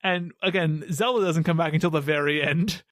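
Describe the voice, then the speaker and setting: A man's voice: on the high side, fairly quick, a bit bright, dry recording, clean studio sound. A man hosting a podcast, joking and laughing as he recaps an episode. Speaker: podcast host. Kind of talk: casual podcast chat.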